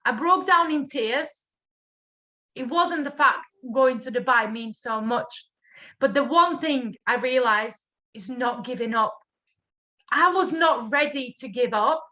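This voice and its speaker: A woman's voice: high voice, a little slow, bright, forceful tone, muffled recording. A woman from Latvia with a Latvian accent, telling a motivational story at a business training and acting out the dialogue with emphatic energy. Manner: drops articles in English.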